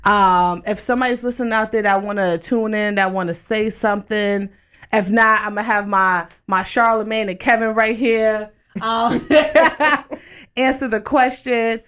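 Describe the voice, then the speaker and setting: A woman hosting a casual live radio chat show from a studio, talking loudly and hyping the listeners with repeated greetings and shout-outs. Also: fairly high pitch, fairly even intonation, measured pace, clean tone. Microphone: studio mic with headphones.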